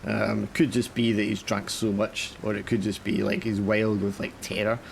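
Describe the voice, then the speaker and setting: A man's voice: lowish voice, level tone, moderate pace, creaky, a little hiss or hum. A man narrating a tabletop horror game as game master, casual and full of fillers.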